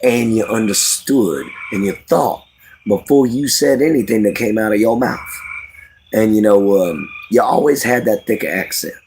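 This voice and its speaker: A man's voice: lowish voice, measured pace, a little mellow, a little hiss or hum. A tired man from Louisiana with a light Cajun accent, chatting casually and folksily as a live-stream host, rambling with lots of fillers. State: tired from lack of sleep.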